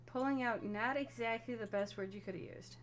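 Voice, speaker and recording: A woman running a tabletop role-playing game as game master, explaining at length in an animated way. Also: a little high, a little fast, a little hiss or hum.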